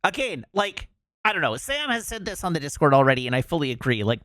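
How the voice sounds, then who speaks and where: Lively, rambling male streamer. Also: a little high, no echo, studio quality. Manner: rambling, lots of "um" and "like", emphatic complaints. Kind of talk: casual stream chat.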